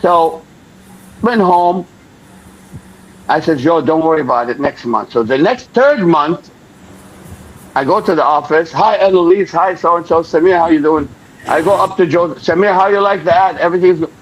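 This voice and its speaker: This older Lebanese man has a fairly high voice and speaks at a normal speed while telling a story in an interview. He brings it to life by acting out the voices of those involved. Slight background noise is present in the dull, lo-fi audio.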